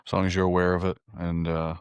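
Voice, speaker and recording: An American man hosting a podcast, chatting in a relaxed, laid-back way and swearing casually. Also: deep voice, fast, clean tone, no echo. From United States. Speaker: podcast host. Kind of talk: casual interview chat.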